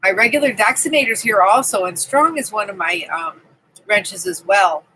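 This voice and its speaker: A woman's voice: mid-range voice, animated, moderate pace, sharp tone, slight background noise, poor audio. A woman hosting a casual live stream from her camping trailer, chatting and greeting viewers by name. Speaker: livestream host.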